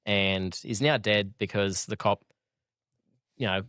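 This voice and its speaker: A man's voice: on the low side, fairly even intonation, slow, a bit bright, clean tone, no echo, clean studio sound. A man hosting a podcast in casual chat, blunt and sweary, laughing often and rambling as he loses his thread. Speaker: podcast host.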